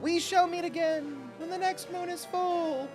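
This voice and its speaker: A man voicing a theatrical gentleman thief from a game, speaking in a grand, mocking way. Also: extremely high pitch, fairly even intonation, a little slow, over music, voice pushed up. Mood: gloating.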